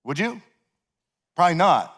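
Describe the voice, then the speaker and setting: Male pastor with a somewhat high voice, loose and chatty, storytelling sermon. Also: normal speed. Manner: animated, conversational, heavy use of "like".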